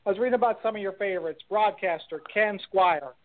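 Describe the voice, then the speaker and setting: High-pitched interviewer guy, polite and a bit hesitant, phone-line sound. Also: a little fast. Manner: tentative, polite questioning. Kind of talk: casual interview questions. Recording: tinny phone-like audio.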